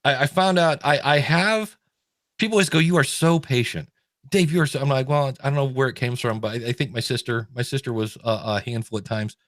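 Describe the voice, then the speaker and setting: Middle-aged male podcast host, casual animated storyteller, dry close mic. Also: medium pitch, a little fast, no room sound. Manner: animated, stumbling restarts when excited.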